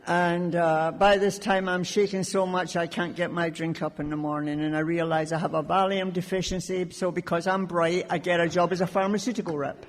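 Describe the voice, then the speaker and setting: A woman's voice: fairly low pitch, level tone, fairly quick, hardly any pauses, a little hiss or hum. A woman from Scotland tells her own recovery story to a gathering, joking at her own expense with a wry edge. Her voice carries through a large conference hall with a long, lingering reverb. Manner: wry, self-mocking humor. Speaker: AA speaker sharing her story.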